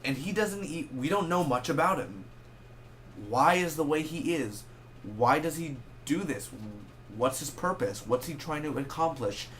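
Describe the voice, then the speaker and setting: A man's voice: a little high, a little hiss or hum. A young man giving a casual spoken movie review, rambling and correcting himself as he goes. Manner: rambling, self-correcting, animated with quick asides.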